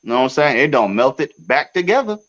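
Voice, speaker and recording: A man's voice: mid-range voice, fast talker. Podcast guy ranting about his food, swoops all over, cusses a lot, muffled sound. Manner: animated, profane, jumps to loud outbursts. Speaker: podcast host. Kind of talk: casual storytelling.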